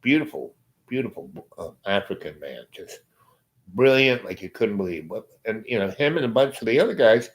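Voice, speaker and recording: Guy rambling thru a story, kinda low voice, keeps trailing off n restarting. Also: lively intonation, moderate pace, poor audio. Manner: digressive, trails off and restarts often.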